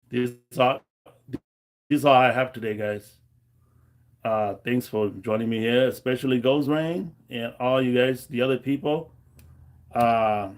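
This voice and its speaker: Male livestream host. Unhurried, rambling delivery, medium pitch. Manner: rambling storytelling with many fillers. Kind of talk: casual livestream chat.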